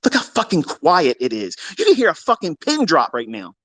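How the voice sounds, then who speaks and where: A man's voice: huge pitch swings, normal speed, no echo. Profane, taunting man with a dry sound. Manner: swings between loud outbursts and low mutters. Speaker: trading educator hosting a live audio room. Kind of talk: heated casual rant.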